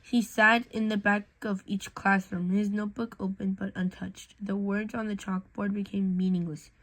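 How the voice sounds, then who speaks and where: A woman's voice: medium pitch, level tone, moderate pace, rough recording. A woman reading a fan fiction story aloud in a casual way, with slips and restarts.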